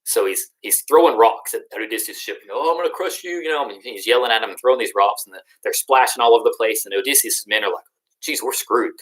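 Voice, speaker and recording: A man's voice: fairly low pitch, quick pace, few pauses, fairly bright tone, low-quality recording. Casual, slangy young male teacher. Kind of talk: casual recorded lesson recap.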